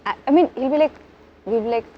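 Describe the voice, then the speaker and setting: A woman, an actress chatting as an interview guest, telling animated stories and acting out quotes with frequent laughter. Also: on the high side, fast talker, highs cut off. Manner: animated storyteller, acts out quotes, laughs often. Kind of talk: casual interview chat.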